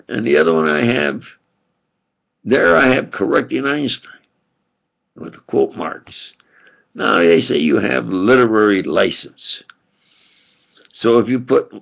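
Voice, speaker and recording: An older preacher with a thick New York accent rambles on in an insistent, emphatic monologue. His voice is heavily gravelly and husky, and he talks at a slow, deliberate pace. The recording sounds dull and lo-fi. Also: mid-range voice.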